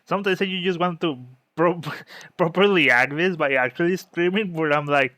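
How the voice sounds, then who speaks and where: A man's voice: on the high side, moderate pace, pushed and bright, no echo. A man playing a video game at home who laughs and jokes about his own voice acting. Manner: laughing, self-deprecating. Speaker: let's play narrator. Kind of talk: game commentary. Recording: game music playing behind. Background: game music.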